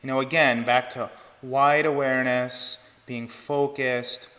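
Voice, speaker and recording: A man giving an online choir lesson, explaining breath and vowel shape in a relaxed teaching manner. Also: medium pitch, measured pace, in a large hall. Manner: relaxed teaching talk with sung demonstrations. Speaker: choir director. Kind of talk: online vocal technique lesson.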